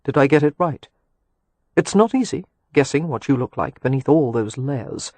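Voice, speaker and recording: Husky teasing gentleman, read by a man. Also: animated, moderate pace, no echo, lightly acted. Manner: wry, teasing, low and intimate. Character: teasing, ardent gentleman, wry and seductive. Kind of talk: audiobook dialogue.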